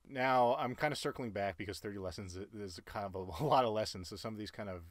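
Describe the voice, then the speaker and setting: A man in his late twenties talking earnestly and emphatically about life lessons, with sudden loud jumps in pitch. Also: brisk, no echo, clean studio sound. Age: late 20s. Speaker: cartoon channel creator. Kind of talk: personal life-lessons monologue.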